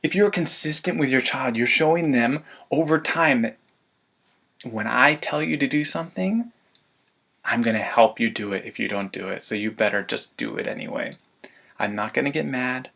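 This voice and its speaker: Man, mid pitch, gravelly, upbeat parenting coach who laughs a lot while presenting. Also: moderate pace. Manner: lively, laughs often, acts out parent demands. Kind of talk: webinar presentation.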